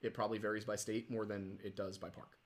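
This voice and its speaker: Young male co-host, relaxed, rambling casual explanations. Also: fairly low pitch, fast. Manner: relaxed, explains at length with many fillers. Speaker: podcast co-host. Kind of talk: casual livestream chat.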